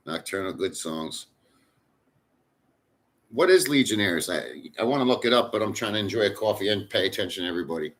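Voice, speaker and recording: Middle-aged male livestreamer, bright forceful voice, loose profane rambling chat. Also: fairly low pitch, expressive, a little fast, pauses often. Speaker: livestream host. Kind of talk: casual live chat with viewers. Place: in the Philippines.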